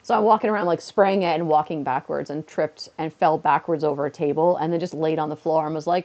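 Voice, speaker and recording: A woman's voice: fairly low pitch, a little fast, warm tone, lo-fi sound. A woman chatting casually on a home stream, giggling at her own jokes. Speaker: live streamer and teacher.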